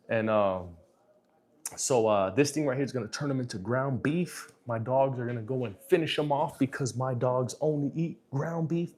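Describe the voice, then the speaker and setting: A man's voice: mid-range voice, a little mellow. A middle-aged man hosting a casual livestream, answering chat in a laid-back, profane way with lots of fillers.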